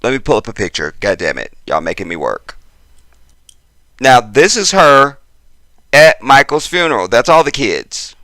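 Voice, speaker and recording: A man's voice: mid-range voice, big pitch swings, normal speed, long pauses, sharp tone, dry recording. A man hosting a casual commentary video, talking straight to his viewers and getting worked up as he repeats himself. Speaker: channel host.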